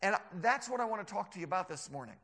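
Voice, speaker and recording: A man delivers a lively, animated sermon in a high, bright voice. His words ring out with a long hall reverb around them. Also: fast. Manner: animated, acts out scoffers in mocking voices. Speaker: preacher.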